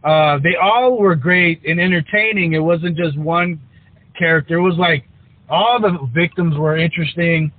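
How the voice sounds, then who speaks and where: Guy rambling about fave movies, kinda high voice, phone-thin dry sound. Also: steady tone, moderate pace, dry recording, phone-quality sound. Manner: rambling, many likes and restarts. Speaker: podcast co-host. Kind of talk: casual chat.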